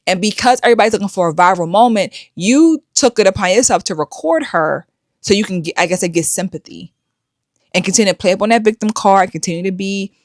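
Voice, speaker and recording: A woman's voice: medium pitch, fast, no room sound. Blunt, lecturing woman host, dry sound. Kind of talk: commentary vlog.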